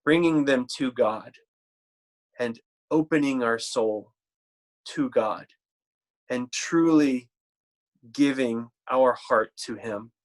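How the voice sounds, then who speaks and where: A man with a mid-range voice preaches in a conversational, halting way, restarting often. When he reads scripture, he slows down and gives it more weight.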